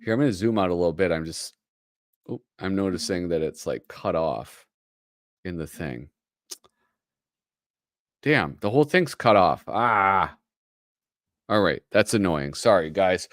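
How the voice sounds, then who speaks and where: Male streamer, low voice, animated rambling chat, self-deprecating, dry close sound. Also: measured pace, long pauses, dry recording. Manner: rambling, self-deprecating, lots of fillers and laughs. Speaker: host. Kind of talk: casual livestream chat while reading comics. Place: home streaming setup.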